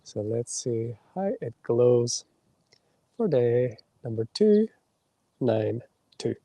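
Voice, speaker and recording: A man with a very deep, mellow tone leads a meditative spiritual livestream, moving between flowing chanted syllables and slow, soft channeled readings. He speaks into a mic held close to his mouth in a windy outdoor spot. The sound is dry and close, with no room around it. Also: big pitch swings, no room sound. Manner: chants flowing invented-sounding syllables, then reads slowly and softly.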